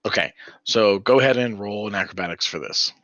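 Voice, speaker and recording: A man's voice: on the low side, a little fast, fairly bright tone, dry recording, lo-fi sound. A man running a tabletop game as game master, rambling with many fillers.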